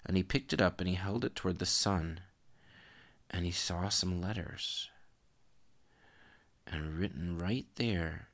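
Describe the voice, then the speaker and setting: A man improvising a bedtime story for his kids in a meandering way, with restarts and dramatic slowdowns. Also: sits low, a bit bright. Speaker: father telling a bedtime story.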